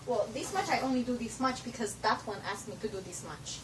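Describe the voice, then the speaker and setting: A woman's voice: on the high side, expressive, a little fast, close to an everyday voice. A young woman putting on a giggly foreign-accented persona in broken English, filmed at home. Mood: playful. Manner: broken grammar with stray "to the", giggly. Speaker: roommate. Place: home room. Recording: noisy home video from a distance.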